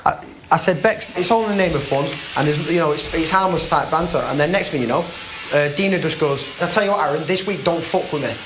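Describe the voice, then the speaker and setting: A man's voice: on the high side, fast talker, noisy background. A British man on a reality show chatting in a laid-back way, with a lot of swearing. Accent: British English. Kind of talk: casual chat with swearing.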